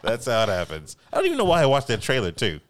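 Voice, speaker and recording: A man's voice: medium pitch, wildly swooping pitch, fast talker, a bit bright. Laid-back male podcast host. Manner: laid-back storytelling, laughs often. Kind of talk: casual chat.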